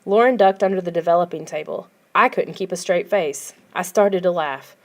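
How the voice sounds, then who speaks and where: Woman audiobook reader, quiet, even storybook narration. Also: fairly low pitch, normal speed.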